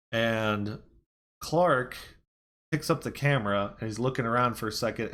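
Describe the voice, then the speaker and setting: A man's voice: mid-range voice, a bit bright. A man giving a casual movie review, retelling the plot in a rambling way with fillers and restarts.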